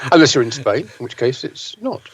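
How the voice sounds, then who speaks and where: A man's voice: mid-range voice, big pitch swings, normal speed, a little hiss or hum. A man co-hosting a casual podcast, wry and dry, often repeating his words. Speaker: podcast co-host, news site editor. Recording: dull dry recording.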